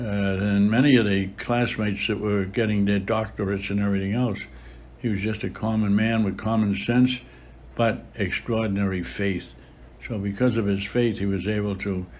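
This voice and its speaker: A man of about a hundred, a priest recalling his life in an interview, unhurried, with frequent filler pauses. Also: lowish voice, darkish tone. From Boston area, USA. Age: about 100. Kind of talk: reminiscing in an interview.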